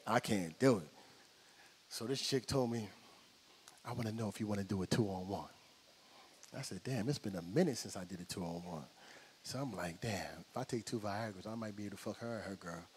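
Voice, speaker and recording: A middle-aged man doing a stand-up comedy set, telling loud, brash, profane stories on stage. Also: fairly low pitch, moderate pace, pauses often, slight background noise. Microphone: handheld stage mic.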